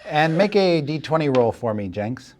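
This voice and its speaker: A man's voice: on the high side, moderate pace, slight background noise. Chuckling man narrating a tabletop game. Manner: relaxed, chuckling narration with many fillers. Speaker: dungeon master.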